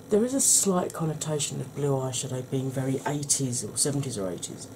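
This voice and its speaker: A woman with a husky, croaky voice hosts a soft-spoken ASMR makeup tutorial, chatting gently to her viewers. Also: a bass voice, animated, brisk, background noise. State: husky, croaky voice from a sore throat.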